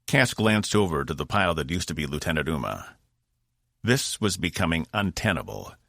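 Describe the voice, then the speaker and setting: A male audiobook narrator with a very low, gravelly voice that moves a lot in pitch. He tells the story in a measured, steady way. The sound is close and dry. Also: no echo. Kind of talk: scripted narration.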